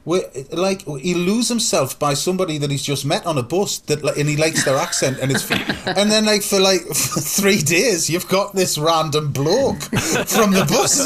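A middle-aged man with a Geordie accent, co-hosting a casual chat and telling stories with lots of laughter and quick mimicry. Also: high-pitched, animated, noisy background. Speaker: co-host.

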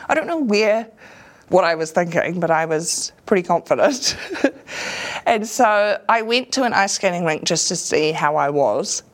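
Kiwi comedian lady, lowish voice, chatty interview stories, laughs a lot, does the voices. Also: measured pace. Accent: New Zealand. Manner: lively storyteller who acts out voices and laughs often. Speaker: comedian and actor. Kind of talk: casual anecdotes in an interview.

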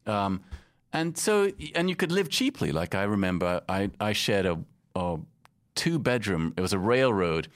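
A man's voice: on the low side, very animated, moderate pace. A middle-aged man from London and Casablanca, chatting in an interview, a wry self-mocking storyteller who laughs often. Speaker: podcast host and guest. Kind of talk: casual interview chat.

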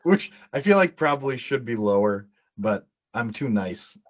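An easygoing man co-hosting a casual film review podcast, often restarting his sentences and laughing. His voice has a mid-range pitch. The recording sounds dull and lo-fi. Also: animated, normal speed. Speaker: podcast co-host. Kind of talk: casual movie review chat.

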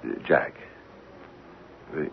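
In a 1950s radio drama, an actor plays an anxious, weary, older widowed businessman, a father and retired company founder, who stammers, halts and repeats words. The old recording sounds narrow and phone-like, with slight background noise.

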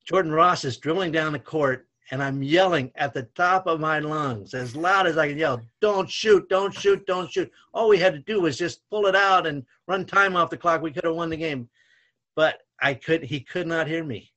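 A man's voice: a little high, moderate pace. Older man telling coaching stories. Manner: animated anecdotes, voice rising when retelling shouting. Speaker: retired basketball coach. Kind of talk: storytelling in conversation.

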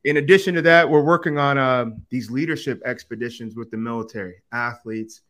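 Animated storytelling man, podcast guest. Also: brisk. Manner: animated storyteller who acts out quoted voices with big pitch jumps. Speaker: podcast guest, quarterback coach and former TV analyst. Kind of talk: casual podcast conversation.

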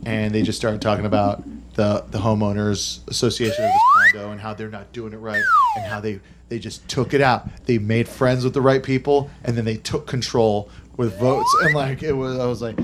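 A man's voice: medium pitch, huge pitch swings, normal speed. A man hosting a casual podcast, rambling and cursing, with lots of fillers. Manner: rambling, swears, many fillers. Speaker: podcast host. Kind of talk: casual chat. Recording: noisy recording.

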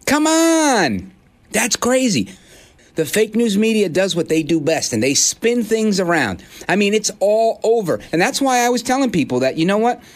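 A male talk radio host with a fairly high voice, speaking from a radio studio. He pushes his points with punchy rhetorical questions. The sound is clean studio-mic audio. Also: sing-song, normal speed. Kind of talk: opinionated talk radio monologue.

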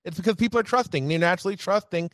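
A man with a somewhat higher voice talks as a guest on a podcast. He is animated and laughs easily, and he fills his speech with casual tags. The sound is close and dry, with no room echo. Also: rapid-fire. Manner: animated, laughs often, uses many fillers like "right" and "you know". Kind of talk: casual chat.

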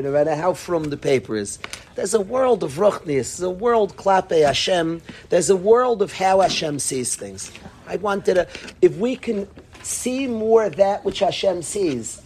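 High-pitched male rabbi lecturing students, fervent and chiding, full of restarts; faint noise. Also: a little mellow. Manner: impassioned, scolding, repeats and restarts phrases. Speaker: yeshiva rabbi. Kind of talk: mussar talk to students.

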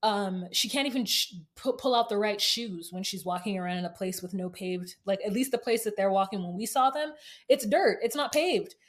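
A woman hosting a podcast, recapping a show in an animated, laughing casual chat. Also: medium pitch, brisk. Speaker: podcast host.

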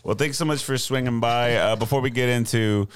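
A man's voice: mid-range voice, steady tone, brisk, smooth, no echo. A man hosting a comedy podcast in casual chat, teasing his guests and laughing often. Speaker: podcast host.

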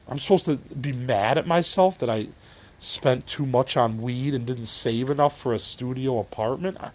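A man's voice: medium pitch, normal speed, darkish tone. A middle-aged man hosting a solo podcast, venting in a tired, rambling way, trailing off and restarting, swearing casually. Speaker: podcast host.

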